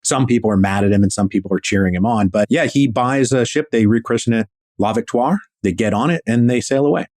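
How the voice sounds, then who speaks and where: A man's voice: medium pitch, fast talker, a little mellow, dry recording. A man guest historian telling a story in a casual, enthusiastic, slangy way, acting out quotes.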